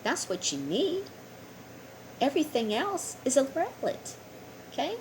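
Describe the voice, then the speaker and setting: A woman's voice: high voice, wildly swooping pitch, measured pace, slight background noise. A woman teaching a spiritual class, talking earnestly and often checking in with her listeners. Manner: earnest, keeps asking "okay?". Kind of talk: informal spiritual lesson.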